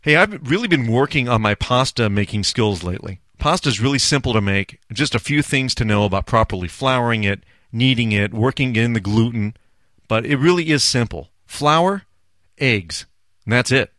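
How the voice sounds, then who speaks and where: A man talks in a blunt, sarcastic, profane rant as a podcast host. His voice is mid-pitched and ordinary. The sound is dry and close to the mic. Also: animated, moderate pace, a bit bright, dry recording. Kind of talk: casual ranting commentary.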